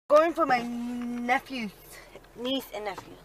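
A woman's voice: mid-range voice, animated, moderate pace, no echo. A young woman vlogging casually with her daughter, chatting to her viewers and slipping between English and Spanish, filmed on a handheld phone. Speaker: vlogger mom. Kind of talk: casual home vlog. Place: home and outdoors in the rain.

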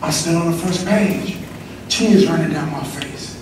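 A man's voice: on the high side, a little slow, distant mic, background noise. Fiery man preaching in an echoey hall. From Los Angeles. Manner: storytelling, call-and-response with the audience, swings from hushed to shouting. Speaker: motivational speaker. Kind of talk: motivational assembly speech. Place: school gym or auditorium.

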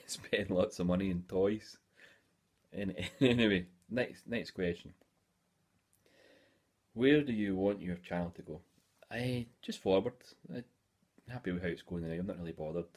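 A man's voice: low voice, darkish tone. A Scottish man in his forties chatting casually in a hobby vlog, rambling along with lots of "eh" fillers. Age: 40s. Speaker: hobby YouTuber.

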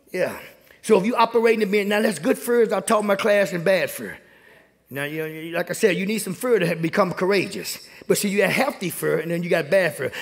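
Man, young adult, pastor, very high gravelly voice, call-and-response preaching in a church. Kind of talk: sermon. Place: church sanctuary.

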